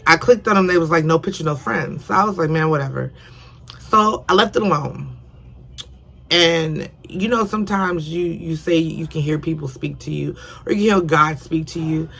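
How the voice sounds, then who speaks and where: A young woman tells a story to her viewers in a loose, rambling way, circling back and repeating herself. Her voice has a gravelly fry running through it and a bright, forceful ring. She sounds open and earnest, like someone who wears her feelings on her sleeve. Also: deep voice. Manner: emotional and earnest. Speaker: vlogger. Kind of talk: casual storytime.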